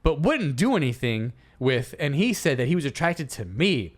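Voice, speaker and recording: A man co-hosting a comedy podcast, reading a listener's post aloud and then arguing his side in a playful, animated way. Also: fairly high pitch, moderate pace. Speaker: podcast co-host.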